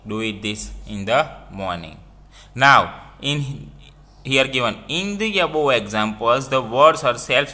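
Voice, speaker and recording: Indian english teacher guy, slow and bright, keeps asking "what?" and repeating stuff. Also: mid-range voice. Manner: repeats points, quizzes listeners with "what?". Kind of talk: classroom grammar lesson.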